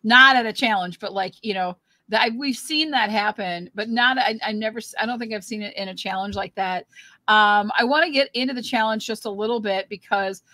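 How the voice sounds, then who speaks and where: Woman co-host, bright and fairly high, dry close sound, eager casual chatter. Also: fairly quick, no room sound. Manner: enthusiastic, restarts sentences often. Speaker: podcast co-host. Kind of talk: casual recap chat.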